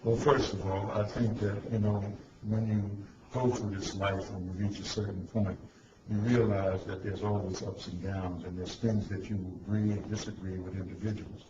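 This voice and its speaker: Calm low-voiced man giving an interview. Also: normal speed. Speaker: interview guest. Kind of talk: measured interview answers. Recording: dull echoey recording with noise.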